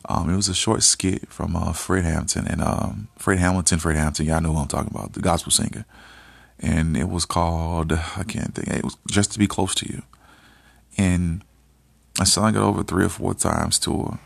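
A man with a very low, gravelly voice tells a personal story in a relaxed, rambling way. He sounds close and dry, with no room echo, as if talking straight into the camera. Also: normal speed. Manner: laid-back, rambling, with lots of "you know" and "like". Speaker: host.

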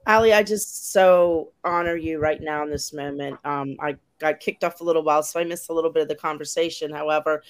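A woman host with a low-pitched voice answers her guest in casual conversation. She is affirming and speaks in a halting way, with restarts. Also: fairly even intonation. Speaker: podcast host. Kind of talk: casual chat.

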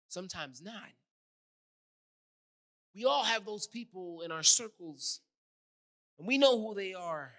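A man from New York preaching a sermon as a ministry leader, swinging from loud emphatic lines to quiet asides. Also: sits high. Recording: long hall reverb.

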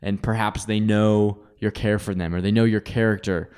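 A man's voice: fairly low pitch, steady tone, moderate pace, a little mellow, clear, resonant tone. A man co-hosting a casual church chat, teasing his partner and thinking aloud with many restarts.

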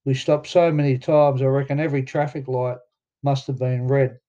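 A man's voice: mid-range voice, flat delivery, normal speed, mellow, muffled recording. A man with an Australian accent narrating his own story in a plainspoken, casual way with some swearing. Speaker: memoir narrator. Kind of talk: audiobook narration.

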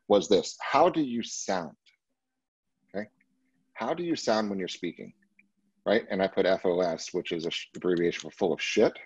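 A man with a low, husky voice runs a live sales training session, emphatic and conversational. He keeps checking in with his listeners as he explains each point. The sound is dry and a little muffled. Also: dry recording. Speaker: real estate sales trainer.

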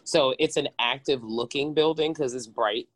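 Co-host, mid-pitched, calm explainer, filler-heavy. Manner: measured and explanatory, with frequent um and like. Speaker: podcast co-host. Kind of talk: casual film discussion chat.

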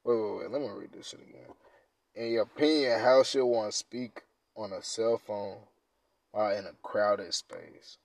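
A man hosting a casual podcast, reading quiz questions aloud and reacting in profane slang, dropping to mumbles and then bursting out loud. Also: lowish voice, a little slow, dry recording. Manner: laid-back, profane slang, swings from mumbling to loud outbursts. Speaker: podcast host.

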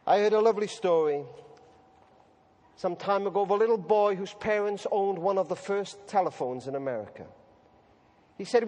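A man preacher giving a sermon, telling stories dramatically, moving between loud declaring and hushed tones. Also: high-pitched, expressive, normal speed, pauses often. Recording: echoey hall reverb.

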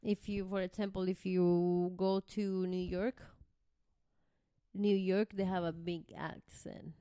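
A woman's voice: fairly low pitch, level tone, slow pace, warm tone, clear, resonant tone, no room sound, clean studio sound. A woman with a slight Spanish accent, a native Spanish speaker, chatting bluntly and casually on a podcast. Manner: blunt, chatty, swears freely. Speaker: podcast co-host. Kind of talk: casual chat.

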